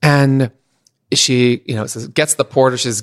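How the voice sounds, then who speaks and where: A middle-aged man from Pennsylvania, a guest on a podcast, telling a long anecdote in an animated way and acting out what others said. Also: medium pitch, fairly quick. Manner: animated, acts out others' lines in shifting voices. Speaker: podcast guest, event designer. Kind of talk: anecdotal storytelling in conversation.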